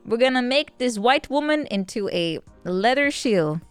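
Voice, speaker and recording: A woman's voice: fairly high pitch, animated, normal speed, clear, resonant tone, soft background music. A woman streamer chatting casually, rambling and joking and often breaking into laughter. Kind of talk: casual chat.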